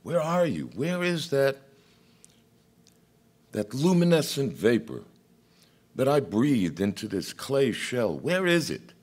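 A man's voice: medium pitch, very animated, takes it slowly, pauses often, darkish tone, slightly rough, pitched above the performer's own voice, full character voice. A man voicing God as a male figure calling out to a lost soul in pleading, searching calls. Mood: yearning.

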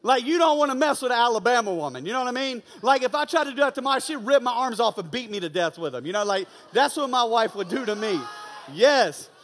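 A young man giving an energetic, conversational youth sermon and often asking "you know what I'm saying". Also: very high voice, fast. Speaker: youth pastor. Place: large church auditorium. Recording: long hall reverb.

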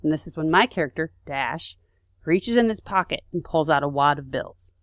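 Casual female podcast storyteller, lowish voice, dry close sound. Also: expressive, a little fast, no room sound. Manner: chatty, with fillers and asides. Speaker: podcast co-host.

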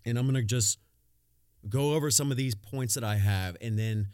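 A man's voice: mid-range voice, normal speed, darkish tone, smooth, no echo, studio quality. Blunt, profane man rambling on a podcast. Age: adult, has a young daughter. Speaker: podcast host. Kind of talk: casual solo podcast monologue.

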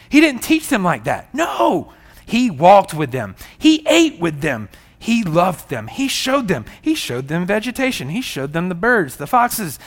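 A male pastor with a notably high-pitched voice delivers a sermon. He preaches with emphasis and circles back to repeat his key lines. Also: wildly swooping pitch, unhurried.

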